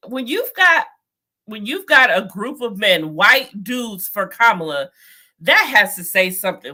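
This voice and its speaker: A woman's voice: on the high side, bright, forceful tone. Outspoken woman venting to her viewers. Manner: outspoken, exasperated, talks straight to viewers. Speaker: vlogger. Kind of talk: casual political commentary.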